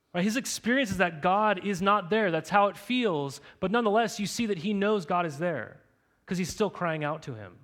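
A man's voice: fairly high pitch, a bit bright. A young man preaching a sermon to his congregation in a conversational way, full of rhetorical questions and "right?". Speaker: pastor.

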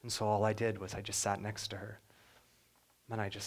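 A young adult man preaching a sermon as pastor, earnest, sometimes dropping to a soft hush. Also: fairly low pitch, level tone, a little fast, pauses often.

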